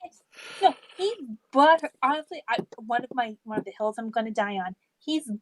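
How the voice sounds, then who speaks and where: A woman with a slight lisp, talking casually as a co-host, blunt and quick to swear. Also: on the high side, lively intonation, low-quality recording. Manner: blunt, profane, indignant. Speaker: co-host commenting on a video. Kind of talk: casual chat.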